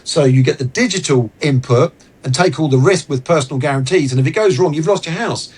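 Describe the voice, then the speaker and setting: A man guesting on an interview, explaining business ideas in an earnest, animated way. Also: fairly high pitch, brisk, breathy edge. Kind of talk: casual interview talk.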